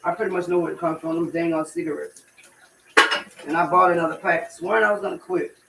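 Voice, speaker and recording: An older woman with a hoarse, congested throat, chatting warmly and ramblingly to her livestream viewers from her home kitchen. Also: fairly low pitch, fairly even intonation, fast, heavy background noise. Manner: chatty, rambling, heartfelt, talks straight to chat. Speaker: livestream cooking host. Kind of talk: casual livestream chat to viewers. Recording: voice distant from the mic.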